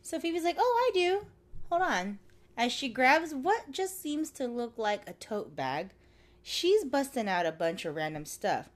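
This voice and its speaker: Woman podcast host, casual recap, slightly high voice, animated pitch. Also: measured pace. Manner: chatty, acts out the characters' lines.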